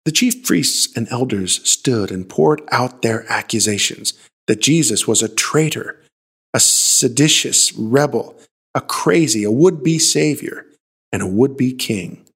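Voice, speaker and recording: A pastor preaches a Bible story dramatically, moving between hushed lines and emphatic ones. His medium-pitched voice is husky, animated and unhurried.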